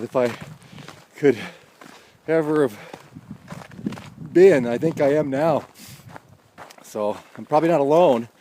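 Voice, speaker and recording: A man talks in a loose, wry monologue, drifting from thought to thought with chuckled asides. His voice sits a little high for a man. A faint outdoor hiss runs underneath. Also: mellow. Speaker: vlogger. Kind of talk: casual monologue.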